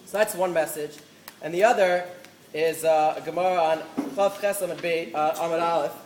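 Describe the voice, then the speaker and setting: A man's voice: a little high, fairly even intonation, normal speed, a little mellow. A young man, a yeshiva student, giving an earnest farewell speech at a study celebration, telling a story with frequent restarts and Hebrew study terms. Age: young adult. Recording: echoey hall with faint noise.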